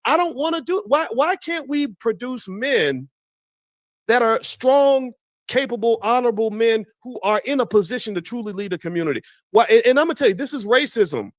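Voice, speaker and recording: A man's voice: very high-pitched, expressive, normal speed, dry recording, studio quality. A man giving impassioned, preachy opinion commentary while talking straight to his viewers.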